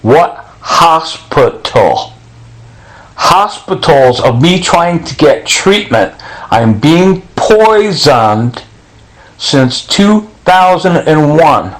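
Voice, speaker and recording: A middle-aged man talks on and on in a tense, rambling monologue. His voice sits a little high for a man, and he keeps slipping into quick impressions of the people he quotes. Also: big pitch swings, poor audio. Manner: intense, rambling, acts out other people's quotes. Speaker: vlogger. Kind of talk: agitated monologue.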